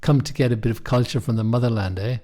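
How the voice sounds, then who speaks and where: A man voicing a pompous, supercilious businessman who talks loudly and heartily, condescending to everyone in an audiobook. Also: medium pitch, steady tone, quick pace, natural voice. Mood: mocking. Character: pompous, supercilious English businessman mocking others.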